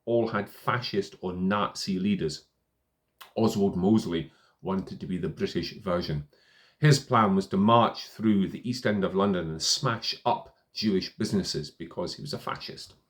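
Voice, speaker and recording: Middle-aged male coach, low voice, casual storytelling vlog delivery. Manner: storytelling, conversational with fillers. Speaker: confidence coach. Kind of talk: casual talk to camera.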